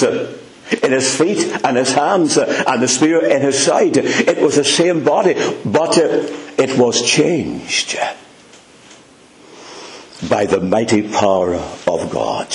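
A Northern Irish man preaches with earnest, emphatic conviction. He takes his time, drawing each phrase out slowly. The room around him rings with echo. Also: mid-range voice. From Northern Ireland. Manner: earnest, emphatic preaching, addressing "dear friends". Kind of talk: sermon.

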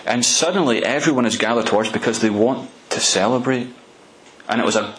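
A man's voice: on the low side, fairly bright tone, poor audio. A man preaching a storytelling sermon in a conversational way, often restarting and repeating words.

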